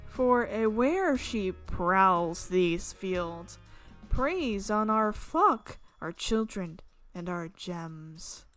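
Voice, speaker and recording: Una mujer imitando a una granjera rústica y sombría. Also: female voice, fairly high pitch, soft background music, lightly acted. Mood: gloomy. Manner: slow, drawling backwoods yokel voice. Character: glum old farmer woman, rustic, fretful.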